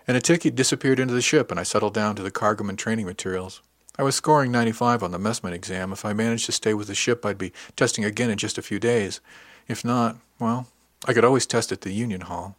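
A man narrating a first-person science fiction story in an even, wry storytelling manner. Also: lowish voice, no room sound, studio quality. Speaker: audiobook narrator.

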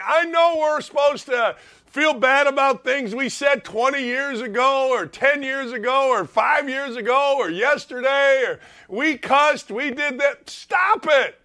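A man hosting a sports talk show, delivering a fired-up, emphatic rant that keeps repeating its points and bursts into shouts. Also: very high voice. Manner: emphatic, ranting, repeats himself, swings into shouts. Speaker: sports radio host.

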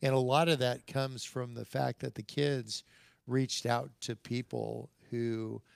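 Brief: middle-aged man, animated storyteller with a gravelly edge, dry close mic. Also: mid-range voice, slow, no echo. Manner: animated storyteller, acts out quoted dialogue, chuckles between lines. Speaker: podcast guest. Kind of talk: storytelling in casual conversation.

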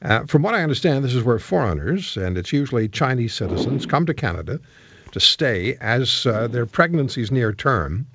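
A man hosting a talk radio show, combative, rhetorical and quick to joke as he interviews guests from a studio microphone. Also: mid-range voice, sing-song, muffled recording, background noise.

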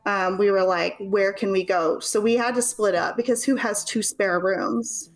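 A woman's voice: mid-range voice, fairly even intonation. Young woman telling a personal story. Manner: casual, halting, many fillers. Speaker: interview guest.

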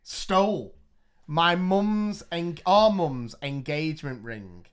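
A man co-hosting a podcast, telling a family story in an animated, laughing way. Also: on the high side, slow, smooth. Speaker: podcast co-host. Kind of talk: casual storytelling chat.

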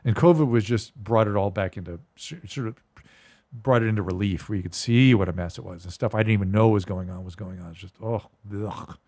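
A man's voice: on the low side, a little fast, a little mellow. A man who is a doctor, guest on a podcast, chatting casually in a wry, sarcastic way that trails off into sighs. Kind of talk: casual chat.

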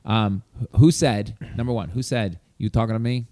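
A man's voice: on the low side, steady tone, warm tone, no echo. A man hosting a podcast quiz in casual chat, joking and teasing his guests as he reads questions. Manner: joking, teasing, quick asides. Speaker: podcast host running a quiz.

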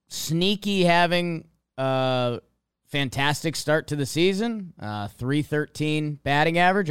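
A man's voice: fairly high pitch, clean tone, no room sound, clean studio sound. A man co-hosting a casual sports podcast, rambling through stats and jokes. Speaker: podcast co-host.

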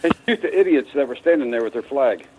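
A man calling in to a radio show who answers in a dry, sarcastic, deadpan way, heard over a quiet phone line. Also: medium pitch, fast, slightly rough. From Indiana, USA. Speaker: caller.

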